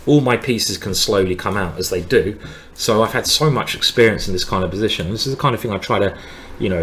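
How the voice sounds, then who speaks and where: A middle-aged man with a deep, low voice talks through his chess games as he plays them. He rambles casually between stories and analysis, cutting himself off whenever a new move appears on the board. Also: fairly bright tone. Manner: rambling, thinks aloud, breaks off mid-sentence to react to moves. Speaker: chess grandmaster streaming his own games. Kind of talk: live commentary while playing online speed chess.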